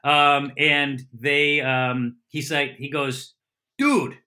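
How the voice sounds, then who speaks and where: Man, middle-aged, comedian guest, casual storytelling, bright forceful tone, rambling with quick self-corrections. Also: mid-range voice, little pitch movement, clean tone. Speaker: comedian and TV host, podcast guest.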